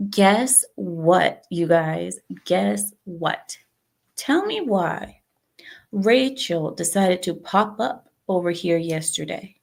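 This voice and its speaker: A woman hosting a casual livestream, chatting to her viewers and acting out what others said. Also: creaky. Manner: chatty, talks to viewers, acts out quotes with lively pitch. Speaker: livestream host.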